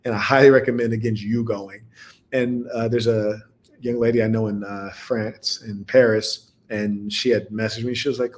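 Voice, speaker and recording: Animated man hosting a casual podcast. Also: lowish voice, normal speed. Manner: animated storytelling with laughing asides. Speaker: podcast host. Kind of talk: casual monologue to a live audience.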